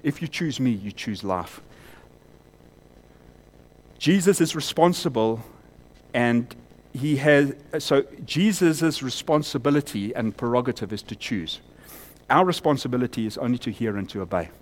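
A man preaching a sermon in a church, climbing to loud emphatic peaks and then dropping to quiet, close appeals. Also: mid-range voice, animated, measured pace, pauses often.

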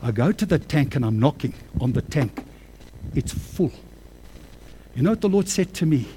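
A man preaching a sermon with personal testimony, calling listeners friends and child of God, moving from quiet storytelling to fervent shouting. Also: fairly high pitch, very animated, moderate pace, a little hiss or hum. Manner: swings from hushed to shouting with passion.

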